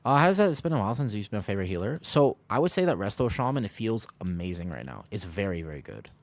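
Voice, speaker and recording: A fairly low-pitched man talks casually to his viewers as he plays, drifting between game calls and self-deprecating jokes. His talk is loose and rambling, full of asides to chat. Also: sing-song, fast talker, no room sound. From United States. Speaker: streamer. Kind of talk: casual gaming stream chat.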